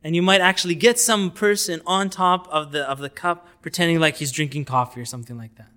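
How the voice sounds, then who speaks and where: Man lecturing in a lively, chatty way, with a crisp, bright tone sitting a little above the usual pitch. He slips into short acted exchanges to illustrate his points, then goes back to explaining with fillers and asides. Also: fairly quick. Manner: animated, acts out little dialogues. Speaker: lecturer on outreach techniques. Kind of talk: informal lecture.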